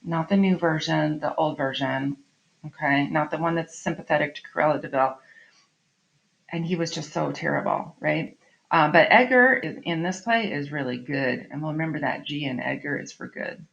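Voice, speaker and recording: A woman's voice: low-pitched, normal speed, vocal fry, fairly bright tone. A middle-aged woman teacher giving a recorded online literature lesson, explaining in a chatty way and often checking in with "right?". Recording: slightly dull lo-fi audio.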